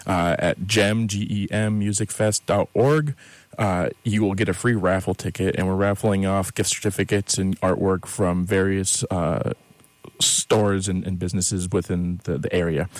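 A man's voice: low-pitched, fairly even intonation, unhurried, no echo. A man guesting on a radio chat, friendly and informative with many fillers. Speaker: festival organizer guest. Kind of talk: casual radio interview.

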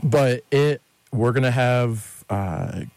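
A man's voice: medium pitch, slow, darkish tone, no room sound. A man guesting on a radio chat, friendly and informative with many fillers. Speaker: festival organizer guest. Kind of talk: casual radio interview.

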